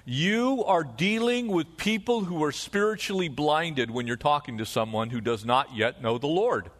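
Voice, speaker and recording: A man's voice: fairly high pitch, lively intonation, moderate pace. Man preaching a sermon with emphatic swings. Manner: preaching with emphatic rises and hushed drops. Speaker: pastor.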